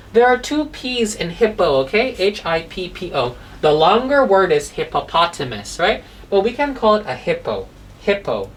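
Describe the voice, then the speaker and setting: A woman's voice: medium pitch, far from the mic. A woman teaching a children's phonics lesson, spelling out animal names letter by letter and asking the kids questions.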